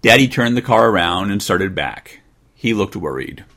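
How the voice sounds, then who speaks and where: A man hosting a podcast, reading a children's storybook aloud in an expressive way with dry humor. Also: fairly low pitch, moderate pace. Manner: expressive, dryly joking. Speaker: podcast host.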